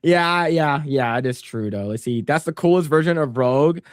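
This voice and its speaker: Podcast co-host, man, rambling and stammering, animated, somewhat high pitch, dry close sound. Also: normal speed, no echo. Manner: rambling, many restarts and stammers; animated, swings up in pitch when pressing a point. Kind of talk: casual chat.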